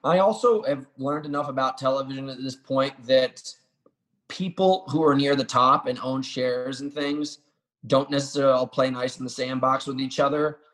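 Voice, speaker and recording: A man and professional athlete talking as a guest on a casual podcast, telling animated, swearing, boastful stories. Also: mid-range voice, normal speed, poor audio. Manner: animated, profane, boastful storytelling.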